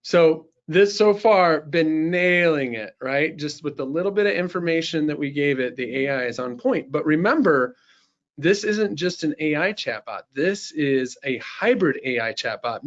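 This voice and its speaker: A man hosting a webinar and walking viewers through a sales demo, upbeat and full of casual fillers. His voice sits a little high, and the audio is slightly muffled, as from a screen recording. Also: animated, unhurried. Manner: upbeat salesman, many fillers like you know. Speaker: webinar presenter. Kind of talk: live software sales demo.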